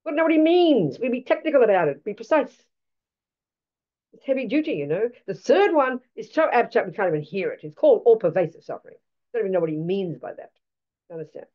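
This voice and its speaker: Animated woman giving a Buddhist teaching. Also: on the high side, fast, highs cut off. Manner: animated, emphatic and blunt, with rhetorical questions.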